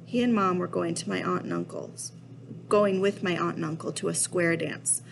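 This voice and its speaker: A woman reading a children's novel aloud in a steady, expressive storytelling voice. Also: fairly low pitch, moderate pace, vocal fry, background noise. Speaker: reader.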